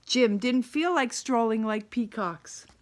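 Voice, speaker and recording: A woman reading a picture book aloud to young children in an animated way, sometimes asking them questions. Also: fairly high pitch, slow.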